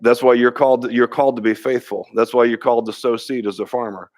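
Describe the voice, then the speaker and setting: A man's voice: medium pitch, steady tone, fast talker, a little mellow. Man preaching a conversational sermon. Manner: conversational preaching with frequent restarts and repeated words; tells stories with quoted dialogue. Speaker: pastor.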